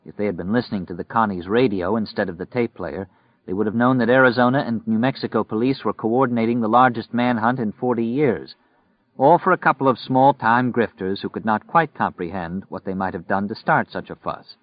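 A man reading a novel aloud in steady, measured scripted narration. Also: fairly low pitch, no room sound. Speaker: audiobook narrator. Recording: dry, muffled recording.

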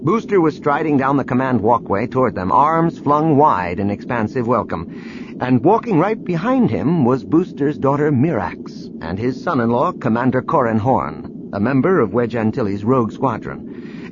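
Male narrator for a sci-fi audiobook; measured reading, lively intonation, muffled dry sound. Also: medium pitch, noisy background. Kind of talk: scripted narration.

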